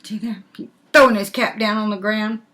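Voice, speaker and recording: An older woman, a grandmother, reading a picture book aloud in an animated way and asking the listener questions. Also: medium pitch, normal speed. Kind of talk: storybook read-aloud.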